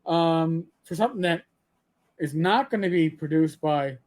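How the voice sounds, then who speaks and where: A man's voice: fairly high pitch, unhurried, a little mellow. Worked-up man ranting on his podcast. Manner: profane, repeats himself when angry; stammering restarts. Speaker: channel host. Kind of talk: heated podcast rant.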